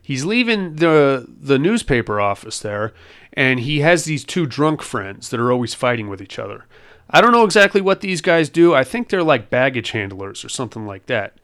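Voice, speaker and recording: Give me a podcast host, a man with a smooth, resonant voice of middling pitch. He recaps a movie in a loose, rambling way, swearing freely and cracking jokes as he goes. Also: sing-song, moderate pace, fairly bright tone. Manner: rambling, crude and joking. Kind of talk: casual film recap.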